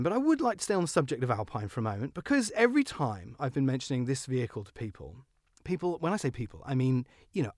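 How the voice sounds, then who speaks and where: A man hosting a car podcast, joking and animated as he talks. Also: medium pitch, no echo, studio quality. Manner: animated, joking, quick-talking. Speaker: podcast host. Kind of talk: casual car podcast chat.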